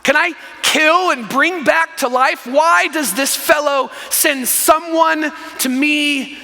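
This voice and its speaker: A man's voice: very high-pitched, slow, vocal fry, bright, forceful tone, big-room sound, pitched above the performer's own voice, exaggerated voice. A man preaching who voices an indignant ancient king in an exasperated, raised voice. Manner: exasperated, raising his voice.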